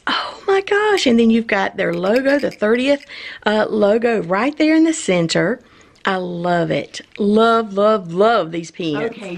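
A woman hosting her own channel, unboxing collectible pins in a haul video, gushing and exclaiming with excitement. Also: mid-range voice. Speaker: channel host.

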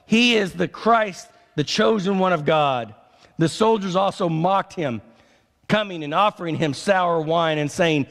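A pastor delivers an impassioned sermon in a fairly high, gravelly voice. He swings from loud, urgent declarations down to slow, low lines. The sound rings with the long reverb of a church sanctuary.

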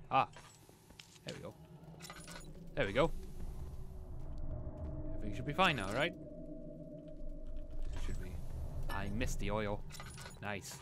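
A man's voice: fairly low pitch, lively intonation, a little slow, long pauses, pushed and bright. A young man casually commenting on a horror game as he plays, talking to himself and calling out at every noise. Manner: jumpy, talks to himself, startled outbursts. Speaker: gamer playing a horror game. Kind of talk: casual let's-play commentary.

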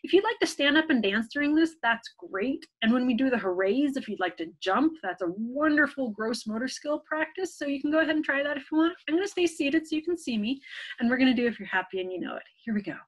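A young woman leading a children's story time as librarian, gently coaxing her young listeners with questions. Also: high-pitched, lively intonation, fast talker.

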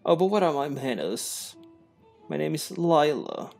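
Brief: man putting on a high, posh, doting 1920s society lady, gravelly edge, lively swoops. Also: unhurried, soft background music, full character voice. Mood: fussing. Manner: prim, doting, calls everyone darling. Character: posh, fussy woman at a 1920s masked ball.

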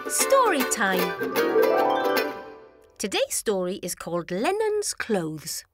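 A woman presenting a preschool show, reading a story and talking directly to young children in a warm, singsong way. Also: mid-range voice, huge pitch swings, slow, over loud music. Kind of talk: slow, expressive preschool storytelling.

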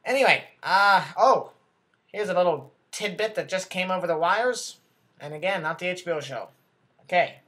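A man's voice: high-pitched, normal speed, a bit bright. Man playing a bumbling self-important news anchor. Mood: flustered. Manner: rambling, flustered, corrects himself, talks back off-camera. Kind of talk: comedy sketch acting.

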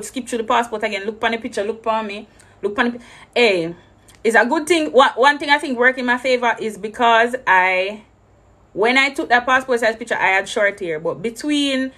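A woman's voice: mid-range voice, fairly bright tone. A young woman with a Jamaican accent telling a travel story, switching between English and patois and acting out every exchange. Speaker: travel vlogger. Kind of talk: animated storytelling.

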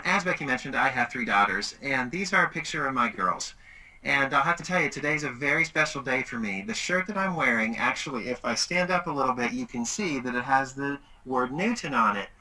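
A middle-aged man with a mid-range voice, on a rough recording, gives a webinar presentation. He tells a story animatedly, acting out the voices he quotes.

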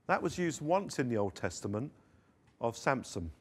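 Male pastor, mid-pitched voice, earnest sermon delivery with emphatic quotes. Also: expressive, moderate pace. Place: church service streamed online.

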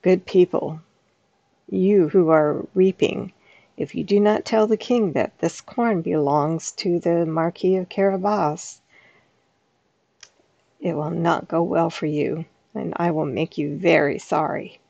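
A woman reading the lines of a clever, smooth-talking male cat in boots from a storybook, with a gravelly, husky voice. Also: on the low side, steady tone, slow pace, warm tone, dry recording, dull audio, exaggerated voice. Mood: smooth flattery. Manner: smooth, persuasive.

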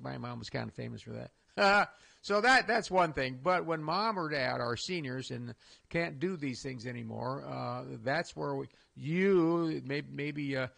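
Older man, radio host, gravelly, slightly high-pitched, folksy rambling talk. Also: a bit bright. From Iowa. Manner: folksy and rambling, with many restarts and chuckles. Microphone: studio microphone.

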